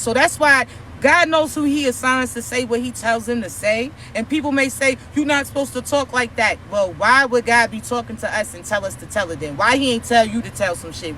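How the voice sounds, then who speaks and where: Man with a very high voice, preachy confrontational vlogger, profane, faint street noise. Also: pushed and bright. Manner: rhetorical questions at an imagined critic. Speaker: spiritual content creator. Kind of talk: preachy spiritual rant.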